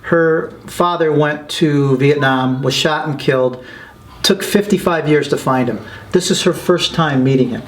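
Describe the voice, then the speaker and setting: A man's voice: on the high side, measured pace. A man being interviewed as a documentary filmmaker, telling stories with lots of energy and acting out the people he quotes. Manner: excited, quotes people in lively voices. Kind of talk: animated interview storytelling.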